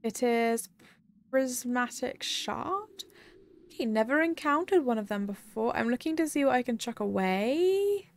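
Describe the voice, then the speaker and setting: A woman's voice: a little high, expressive, normal speed. A young woman chatting casually on a live game stream, rambling and giggling as she talks to her viewers. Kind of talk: casual live-stream chat while gaming.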